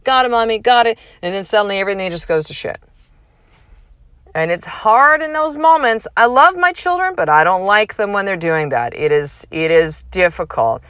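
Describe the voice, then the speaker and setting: A woman's voice: medium pitch, sing-song, normal speed, a bit bright, clear, resonant tone, no room sound. A woman in her thirties hosting a podcast, talking in a frank, casual, motivational way, swearing freely and leaning hard on key words. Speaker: podcast host. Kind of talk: candid motivational monologue.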